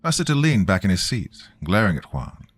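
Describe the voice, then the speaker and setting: A man's voice: lowish voice, very animated, fairly quick, faint music behind. A man narrating a scripted story in a dramatic storytelling manner.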